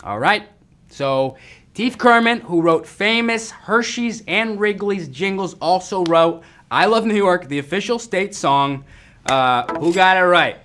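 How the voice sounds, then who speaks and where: A man hosting a live trivia game, excitable and jokey with quick banter between questions. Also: sits high. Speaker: game show host.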